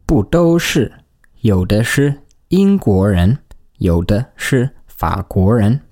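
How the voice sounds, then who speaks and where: A man's voice: fairly low pitch, lively intonation, takes it slowly, warm tone. A man from the United Kingdom co-hosting a podcast language lesson, breaking words down and explaining them. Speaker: podcast co-host.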